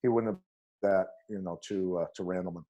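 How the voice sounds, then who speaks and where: A man's voice: deep voice, a little fast, muffled recording. A middle-aged man, a former fight coach, telling anecdotes bluntly and with animation as a podcast guest. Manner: blunt and animated, acts out voices in his anecdotes. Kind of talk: storytelling on a podcast interview.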